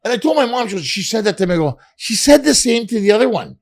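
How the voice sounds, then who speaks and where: Man from canada, slightly high voice, gravelly, lively storyteller, middle-aged. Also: fast talker. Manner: animated, acts out dialogue with swearing. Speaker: comedian guest. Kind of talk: casual storytelling interview.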